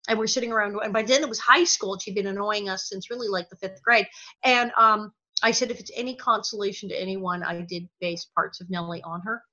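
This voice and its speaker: A woman guest in an interview, telling stories with lots of energy and quick impressions. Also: medium pitch, muffled recording. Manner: energetic, bursts into impressions and laughs. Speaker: interview guest, former child actress. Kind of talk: animated storytelling.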